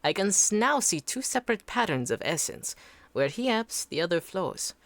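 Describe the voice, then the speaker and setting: Woman voicing a brisk female scholar of souls, clinical commentary, lively, dry sound. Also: fairly low pitch, dry recording, voice pushed up.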